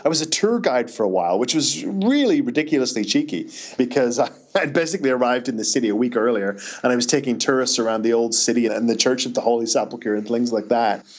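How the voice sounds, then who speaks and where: A man's voice: medium pitch, expressive. A man with a Northern Irish accent, an author answering interview questions in a chatty, anecdotal way. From Northern Ireland. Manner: chatty, anecdotal, quick restarts.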